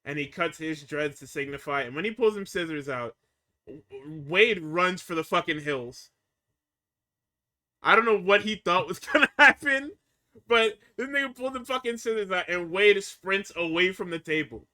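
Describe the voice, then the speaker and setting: Bright-voiced man recapping with lively profanity. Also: sits high, moderate pace. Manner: animated, acts out quotes, laughs often. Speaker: podcast co-host recapping wrestling.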